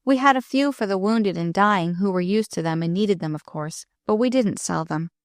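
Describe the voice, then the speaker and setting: Lady reading a calm young woman, quiet and firm, mid pitch, no room echo. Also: normal speed, clean studio sound, lightly acted. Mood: composed.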